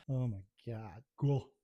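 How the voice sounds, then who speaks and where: A man at an average pitch chats casually to the camera in his home kitchen as he bakes. He keeps up a steady stream of self-deprecating, exasperated muttering, half to himself and half to his viewers. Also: lo-fi sound. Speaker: home baking vlogger.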